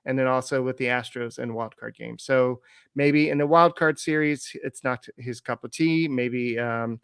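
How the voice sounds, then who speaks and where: A man co-hosting a sports podcast in casual chat, relaxed and slowing down with ums as he thinks. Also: medium pitch, clean tone, no echo, studio quality. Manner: relaxed, frequent ums and uhs, slows while thinking. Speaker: podcast co-host.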